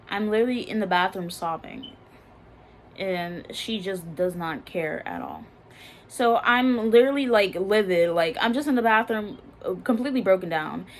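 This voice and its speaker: A young woman telling a personal story in a casual, halting way, full of fillers and restarts, often subdued. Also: medium pitch, a little hiss or hum. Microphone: phone.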